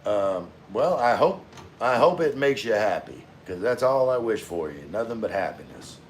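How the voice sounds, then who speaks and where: A man's voice: on the low side, very animated, moderate pace, slight background noise. Laid-back man reading live chat. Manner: laid-back, answers viewer comments with frequent fillers. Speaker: livestream host reading chat. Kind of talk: casual livestream chat.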